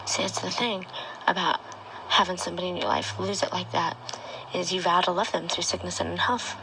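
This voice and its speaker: A woman speaking an emotional personal testimony straight to her former partner, often dropping to a hushed whisper. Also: lowish voice, level tone, fairly quick, vocal fry, background noise. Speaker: mother recounting her own experience.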